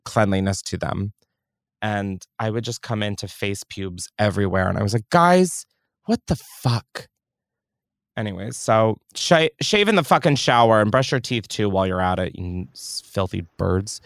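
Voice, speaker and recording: A man's voice: fairly low pitch, moderate pace, smooth, dry recording, studio quality. A man hosting a podcast, chatting casually with jokes and swearing. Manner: joking, profane, animated storytelling. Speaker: podcast host.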